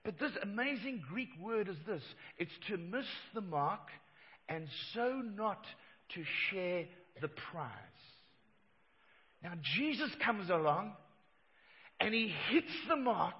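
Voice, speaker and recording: Middle-aged male pastor, emphatic sermon delivery; high-pitched, recorded dull with long hall reverb. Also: very animated, slow pace. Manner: emphatic preaching, swings from loud to hushed. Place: church hall.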